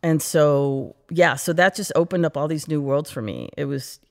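A middle-aged woman from the United States, an interview guest, telling stories in a lively, chatty way and acting out her past self. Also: deep voice, moderate pace, creaky, soft background music. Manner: animated, quotes her past self, frequent laughs and "like". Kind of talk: casual interview storytelling.

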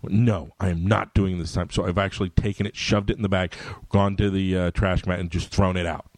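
A middle-aged man, a comic book writer, telling stories in casual conversation and jumping into loud voices for quoted lines. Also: sits low, level tone, a little fast, dry recording.

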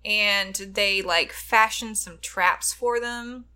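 A woman co-hosting a podcast, recapping a film in animated, exasperated casual chat. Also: mid-range voice, slow pace, a crowd in the background. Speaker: podcast co-host.

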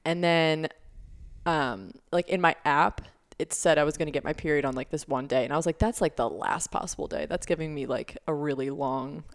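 A woman's voice: deep voice, fairly quick. Chatty young woman telling a story. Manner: chatty, filler-heavy storytelling with laughs. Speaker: podcast co-host. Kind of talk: casual chat.

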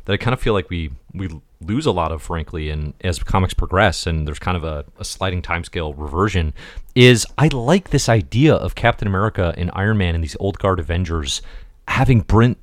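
A man's voice: deep voice, lively intonation, normal speed, no room sound, studio quality. A man co-hosting a podcast, thinking aloud in easygoing casual chat. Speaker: podcast co-host.

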